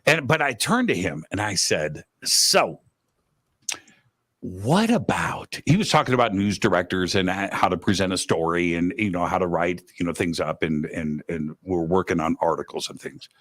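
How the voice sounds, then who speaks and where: Emphatic low-voiced male radio host. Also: lively intonation, moderate pace, fairly bright tone, dry recording, studio quality. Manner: emphatic, repeats himself for stress. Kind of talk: casual radio chat. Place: Los Angeles.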